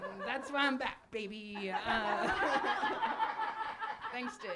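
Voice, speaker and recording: A woman in her forties performing a live stand-up set at a small cafe, animated, laughing at her own jokes and shouting punchlines. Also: on the high side, extremely slow, pauses often, very noisy. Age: 40s. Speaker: stand-up comedian. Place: small cafe stage before a live audience.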